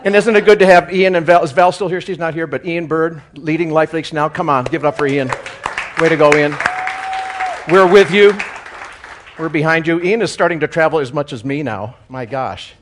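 A man speaking as a guest church speaker, telling a humorous story in a sermon with animated, chuckling delivery. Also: a little high, moderate pace, some chatter behind, slight background noise.

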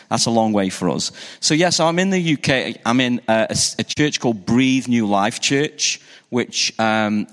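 A middle-aged English pastor with a Stoke-on-Trent accent gives a conference talk to a live audience in a large hall. His mid-range voice carries a chatty, self-deprecating style full of "um"s and restarts.

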